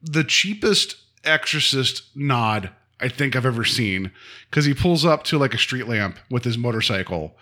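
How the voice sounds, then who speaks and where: A man's voice: medium pitch, animated, pushed and bright. A man co-hosting a podcast, chatting casually about a TV episode, rambling with lots of fillers and laughing often. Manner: rambling, filler-heavy, quick to laugh, slips into mock voices. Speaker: podcast co-host. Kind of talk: casual chat reviewing a TV episode.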